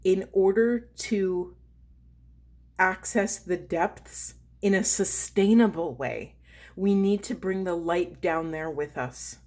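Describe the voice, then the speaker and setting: A woman with a fairly low-pitched voice reads oracle cards as a spiritual coach. She speaks earnestly, in slow and emphatic affirmations. She pauses now and then to feel for her words. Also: a little mellow. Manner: reflective, pausing to feel for words. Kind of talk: intuitive card reading to camera.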